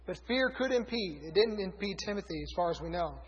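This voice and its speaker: A man's voice: high-pitched, expressive, a little fast, husky. A man preaching a sermon to a congregation, reading scripture aloud and correcting himself as he goes. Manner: conversational, self-correcting, reads scripture aloud. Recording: dull lo-fi recording in a reverberant hall.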